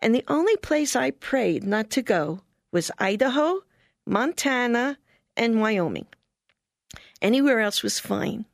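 An older woman being interviewed, telling a personal story in a lively way and often laughing. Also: on the high side, measured pace, creaky, no echo, clean studio sound.

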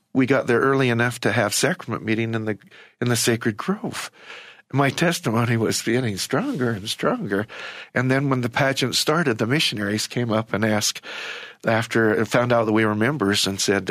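An older man, an interview guest, telling a personal story in a halting, emotional way with many restarts. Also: medium pitch, fairly bright tone, dry recording, studio quality.

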